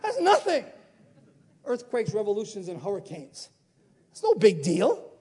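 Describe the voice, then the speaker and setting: A male preacher with a strikingly high voice delivers a sermon. He peppers the congregation with rhetorical questions and swings from loud exclamations to hushed asides. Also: sing-song, breathy edge. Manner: rapid-fire rhetorical questions.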